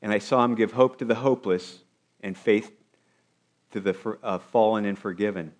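A man's voice: on the low side, moderate pace. A man preaching a sermon as pastor, asking his congregation rhetorical questions.

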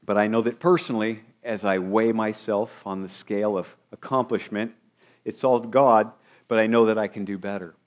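Male pastor, lower register, preaching a New Year sermon to his church. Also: steady tone, moderate pace. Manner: preaching with rhetorical questions to the congregation.

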